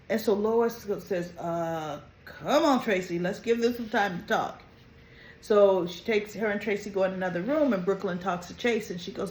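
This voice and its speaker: A woman's voice: medium pitch, expressive, normal speed. A woman casually recapping a soap opera episode, retelling scenes and quoting the characters' lines. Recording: echoey room with faint background noise.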